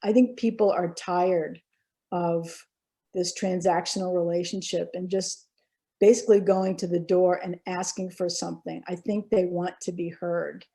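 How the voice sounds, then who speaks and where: A woman's voice: lowish voice, little pitch movement, unhurried, mellow, slightly rough. A woman, a former political candidate, speaking earnestly on a panel discussion and telling a story with frequent restarts.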